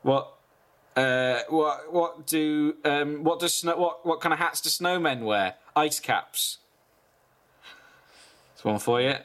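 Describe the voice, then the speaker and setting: A man's voice: fairly high pitch, slow pace, pauses often, a bit bright. A man co-hosting a casual comedy chat, teasing and swearing through playful banter.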